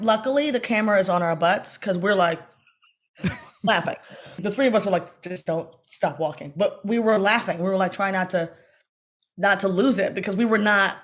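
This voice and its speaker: A middle-aged actress telling stories in an interview, laughing often and acting out quotes loudly. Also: female voice, mid-range voice. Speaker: actress guest. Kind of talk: animated interview storytelling.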